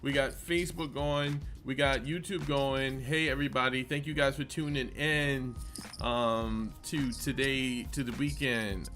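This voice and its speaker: A man's voice: medium pitch, unhurried, faint music behind. A man hosting a casual group livestream, greeting viewers and reading out where they are checking in from. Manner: reads out viewer check-ins, relaxed, with fillers.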